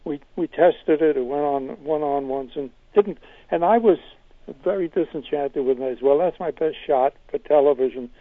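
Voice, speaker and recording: An older man tells a story slowly and wryly, stopping and starting again as he talks. His voice sits a little high. It comes through a dry, thin, phone-like line. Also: dry recording. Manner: hesitant restarts, wry. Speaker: guest, comedy writer. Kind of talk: interview answers, storytelling.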